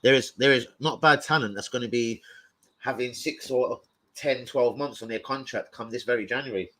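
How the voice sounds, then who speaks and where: A young man ranting live about football to his viewers, loud, sweary and jokey. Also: medium pitch, moderate pace, a little hiss or hum, low-quality recording. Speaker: football fan livestreamer.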